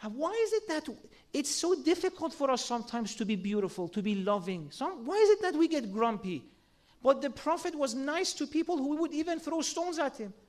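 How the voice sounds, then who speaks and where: A man's voice: extremely high pitch, sing-song, normal speed. A man giving a sermon, earnest and full of rhetorical questions and everyday examples. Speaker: religious speaker.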